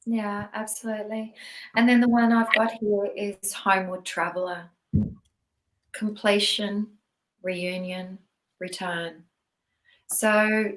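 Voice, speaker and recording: A woman co-hosting a live stream from Dubai, reading spiritual cards in a soft, inviting way. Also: mid-range voice, roomy sound, poor audio. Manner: soft, inviting, with fillers and restarts. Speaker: co-host reading cards for viewers.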